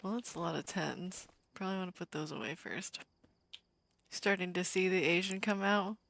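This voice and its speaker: A woman streaming a game, chatting casually with viewers in a calm, relaxed way and laughing easily. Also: on the low side, moderate pace, creaky. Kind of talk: casual live-stream chat over gameplay.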